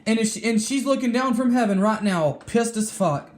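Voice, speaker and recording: A man with a fairly high voice delivers a heated vlog rant. He curses freely, stumbles and restarts his words, and keeps circling back to the same points. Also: moderate pace. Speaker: vlogger. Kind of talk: angry rant to camera.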